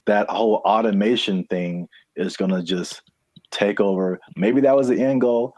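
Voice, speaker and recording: A relaxed man co-hosting a podcast, easygoing and quick to laugh. His voice sits fairly low. The sound is close and dry, with no room echo. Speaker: podcast co-host. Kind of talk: casual podcast chat.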